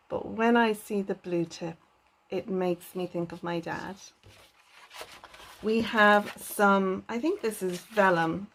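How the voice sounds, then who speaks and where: Slow, gentle woman crafter. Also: mid-range voice. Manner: gentle, enthuses with repeated "lovely". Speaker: papercraft channel host. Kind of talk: unboxing video.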